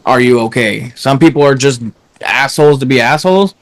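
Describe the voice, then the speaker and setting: A man's voice: medium pitch, brisk. A man in casual chat, telling a story and acting out the dialogue.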